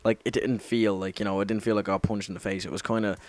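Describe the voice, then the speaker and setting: A man's voice: lowish voice, little pitch movement, quick pace, no room sound. A young man telling a story casually over gameplay, rambling, swearing a lot and correcting himself as he goes. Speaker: gaming commentator.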